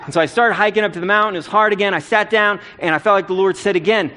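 A man's voice: sits high, very fast, pushed and bright. A middle-aged man preaching a sermon, telling a personal story earnestly and building to emphatic repeated calls to action. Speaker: pastor.

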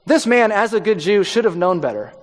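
A man preaching a sermon in a conversational way, dropping his voice low for emphasis. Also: expressive, a little fast. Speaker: pastor. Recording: long hall reverb.

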